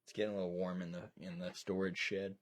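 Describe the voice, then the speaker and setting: A man's voice: deep voice, little pitch movement, fast, dry recording. Rambling man with a dry close sound. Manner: rambling, with many restarts and fillers. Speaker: co-host. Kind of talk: casual movie chat on a live stream. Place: storage shed.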